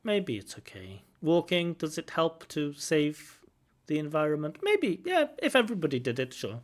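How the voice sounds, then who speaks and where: A man's voice: a little high, huge pitch swings, moderate pace. A man working as an exam examiner, talking through a recorded speaking test and repeating words to model how they should sound. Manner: thinks aloud, repeats words to model pronunciation. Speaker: IELTS examiner giving feedback. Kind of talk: reviewing a recorded test aloud.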